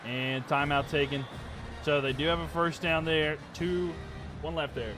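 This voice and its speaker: This man streams himself playing a football video game, excitedly calling plays as a commentator would, with frustrated asides between snaps. He speaks at a measured pace in a fairly high voice over music.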